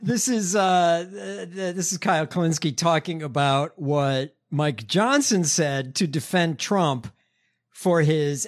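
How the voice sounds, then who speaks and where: A man hosting a podcast, chatting casually about politics and stumbling through his points with many pauses. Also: fairly high pitch. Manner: halting, many fillers and restarts. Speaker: podcast host.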